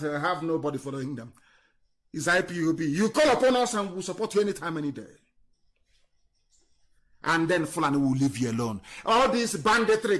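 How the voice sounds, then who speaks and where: A man giving an impassioned political speech on a live broadcast, scornful and fiery, swinging from loud declarations to low muttering. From Nigeria. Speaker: activist leader on a live broadcast.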